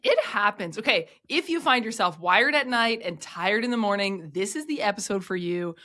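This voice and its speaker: A woman's voice: medium pitch, animated, normal speed, bright, forceful tone. A woman hosting a podcast, upbeat and encouraging in casual chat, often laughing. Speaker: podcast host.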